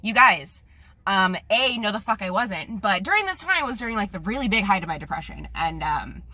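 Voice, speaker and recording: A young woman in her twenties rants to her viewers, swearing freely as she fights back tears. Her voice is bright and a little husky, angry and choked at once. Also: medium pitch, expressive, a little fast, dry recording. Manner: tearful, angry and profane. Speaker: vlogger. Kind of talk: emotional vlog rant.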